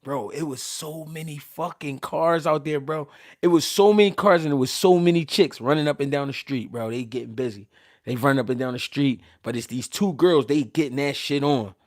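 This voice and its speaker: On the high side and speaking at normal speed, this man from Philadelphia, USA, hosts a show and shares laid-back stories. Expect animation, lots of slang, profanity, and frequent sentence restarts.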